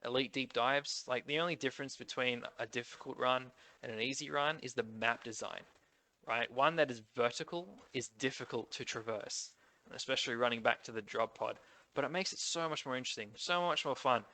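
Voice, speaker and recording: A man's voice: mid-range voice, fairly quick, bright, forceful tone, no room sound. A man with a nasal Australian accent, a gaming YouTuber chatting casually through update notes and thinking aloud.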